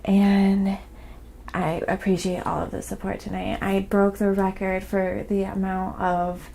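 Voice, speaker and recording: A woman from Oklahoma with a slight Southern accent, chatting softly on a live painting stream and reading viewer comments aloud. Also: mid-range voice, flat delivery, measured pace, vocal fry, slight background noise. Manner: reads viewer comments aloud, thanks donors. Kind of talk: soft-spoken ASMR live stream chat.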